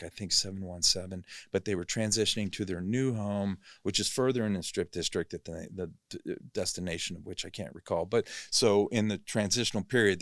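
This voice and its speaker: This man, an actor appearing as a podcast guest, has a low voice with a fairly bright tone, recorded with no echo. He spins a long story casually and ramblingly, correcting himself a lot and filling gaps with "you know."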